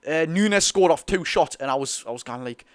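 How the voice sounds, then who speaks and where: A man's voice: a little high, fast talker, clean tone, no echo. A young man with a Geordie accent, chatting casually with viewers during a live football watch-along and reading out their comments. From North East England. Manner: chatty, excitable, reads chat aloud. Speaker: football fan streamer.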